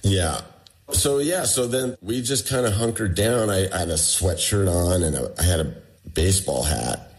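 A man's voice: deep voice, normal speed. A man recounting a personal ordeal in a conversational interview, acting out what others said. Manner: animated retelling, acting out quoted dialogue. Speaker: guest telling his survival story. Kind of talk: conversational storytelling.

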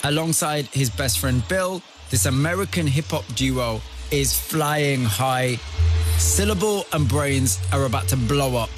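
A man presenting a radio feature, narrating a scripted story and asking a guest measured, empathetic questions. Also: medium pitch, lively intonation, music in the background.

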